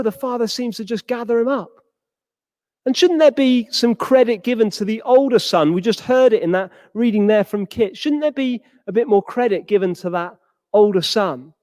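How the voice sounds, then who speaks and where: High-voiced man preaching a sermon. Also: moderate pace, a little mellow, no room sound, long reverb tail. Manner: acts out quoted characters with rising pitch.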